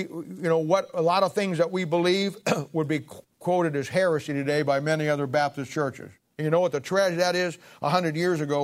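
A man gives a sermon from the pulpit in a slightly raised voice. He slows and swells to read scripture aloud, then drops into chatty asides, clearing his throat as he goes. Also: on the high side. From Ohio, United States. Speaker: pastor.

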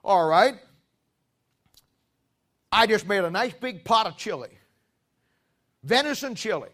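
A man's voice: high-pitched, animated, takes it slowly, a bit bright, exaggerated voice. A man voicing a sly younger brother who bargains with a pot of stew, within a sermon. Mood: coaxing.

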